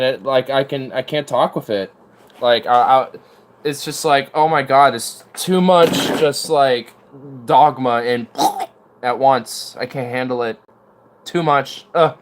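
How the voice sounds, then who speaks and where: A man streaming casually, reacting with exasperation to a debate clip and talking over it. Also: mid-range voice. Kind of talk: casual live-stream commentary.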